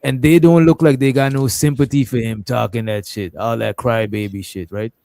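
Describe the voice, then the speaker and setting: A man's voice: mid-range voice, fairly even intonation, normal speed, gravelly, a little mellow, no room sound. A man hosting a casual reaction stream, loose and slangy, incredulous at the clip he's playing. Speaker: stream host.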